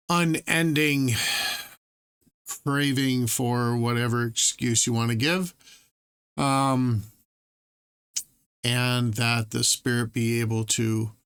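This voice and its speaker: A man's voice: medium pitch, clear, resonant tone. Man steadily reading scripture aloud. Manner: casual, self-deprecating; steady, plain reading with small stumbles. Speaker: Bible reader. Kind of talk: reading scripture aloud after a casual opening.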